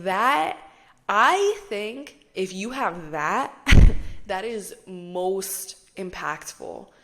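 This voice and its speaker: A woman's voice: mid-range voice, a bit bright. Casual young female podcast host, chatty, filler-heavy, mid-range voice.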